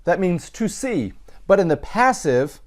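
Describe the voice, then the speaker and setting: Guy teaching latin, slightly high voice, really slow and careful, lots of uh's. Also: big pitch swings, a little mellow. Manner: methodical, parsing aloud with frequent fillers. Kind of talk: recorded grammar lesson.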